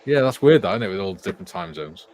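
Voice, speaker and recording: A man's voice: on the low side, big pitch swings, racing, darkish tone, slight background noise. An older Welsh man co-hosting a casual livestream, jokily reading out viewer comments with frequent laughs. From Wales. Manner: jokey, reads viewer comments aloud with laughs. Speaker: co-host reading live chat.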